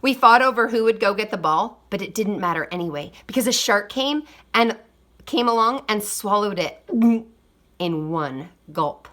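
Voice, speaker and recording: A woman reading a children's picture book aloud, expressive, with quiet asides. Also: medium pitch, moderate pace. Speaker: storybook reader. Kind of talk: storybook read-aloud.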